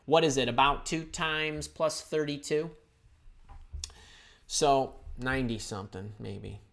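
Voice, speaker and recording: A man's voice: mid-range voice, takes it slowly, vocal fry, fairly bright tone. A man in his fifties hosts a live question-and-answer stream on careers. He talks with energy and ease, tossing in jokes and little asides between the questions he reads out. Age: 50s. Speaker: career advice host.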